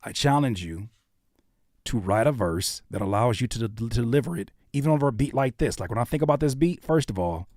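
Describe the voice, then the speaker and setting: A livestream host and music reviewer with a mid-range, slightly mellow voice talks fairly quickly with lively intonation. He gives blunt, coaching critiques of submitted songs, in clean studio sound with no room sound.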